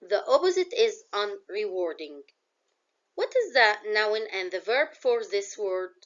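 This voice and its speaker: A woman's voice: medium pitch, very animated, a little slow, dull audio. A woman with an Egyptian accent teaching a classroom English vocabulary lesson. She explains words in English and glosses some of them in Arabic.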